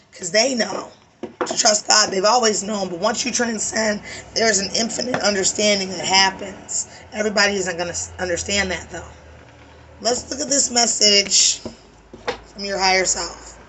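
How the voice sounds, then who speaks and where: A woman's voice: mid-range voice, bright, forceful tone, slight background noise. A woman with a weary voice giving an emphatic, preachy spiritual tarot reading, swearing casually. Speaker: tarot reader.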